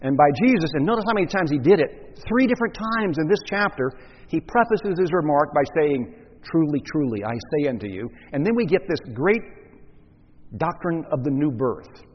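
A man preaching a teaching sermon, measured and explanatory, asking the listeners rhetorical questions. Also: a little high, sing-song, husky. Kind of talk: expository sermon. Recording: muffled, echoey hall recording.

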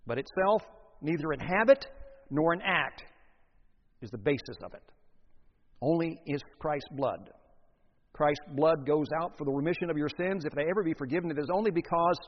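A man preaching an expository sermon as pastor, earnest, with emphatic rises on key phrases. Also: fairly high pitch. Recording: dull sound with long hall reverb.

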